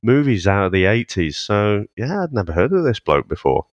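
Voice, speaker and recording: A man's voice: fairly low pitch, sing-song, moderate pace, no room sound, muffled recording. A man co-hosting a film podcast, talking casually and swearing now and then. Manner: laid-back, swears, laughs along. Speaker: podcast co-host. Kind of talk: casual film review chat.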